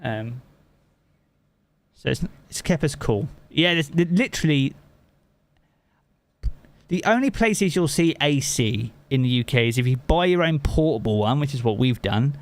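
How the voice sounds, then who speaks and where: A man's voice: mid-range voice, lively intonation, unhurried, long pauses. A man from England with a Southern English accent, a game streamer chatting casually with his live chat and swearing freely.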